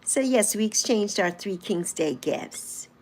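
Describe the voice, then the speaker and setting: Lively, teasing woman in her sixties. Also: mid-range voice, measured pace. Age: 60s. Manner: playful, teasing, laughs often; reads and answers live chat comments. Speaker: livestream host. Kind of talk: casual livestream chat with viewers.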